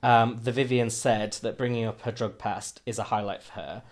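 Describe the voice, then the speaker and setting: A man's voice: medium pitch, fairly even intonation, normal speed. Joking man recapping a reality show. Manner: joking, sarcastic, rambling. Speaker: podcast co-host. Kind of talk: casual recap chat.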